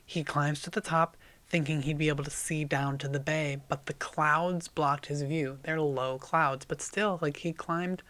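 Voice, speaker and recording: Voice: medium pitch, steady tone, unhurried, fairly bright tone. A co-host on a podcast, chatting loosely about a book, swearing and acting out a character's panic. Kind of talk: casual book-discussion chat.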